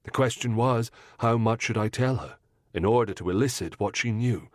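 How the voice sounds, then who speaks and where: A man narrating a mystery audiobook in the first person, in a measured, composed way. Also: medium pitch, no room sound, clean studio sound.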